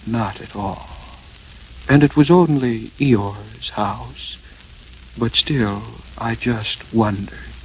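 A man's voice: medium pitch, slight background noise, low-quality recording. A man voicing a gloomy old storybook donkey. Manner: slow, sighing, melancholy drawl. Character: gloomy old grey donkey, self-pitying.

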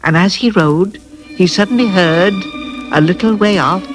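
A man narrating a fairy tale for a children's record in an expressive, lilting way, dwelling on words. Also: sits high, normal speed, over music, poor audio. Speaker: storyteller.

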